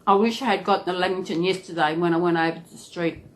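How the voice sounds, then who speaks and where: A woman's voice: fairly low pitch, steady tone, fast talker, slight background noise. A woman with an Australian accent chatting casually to her subscribers, rambling and repeating her thanks. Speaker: vlogger. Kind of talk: casual chat to camera.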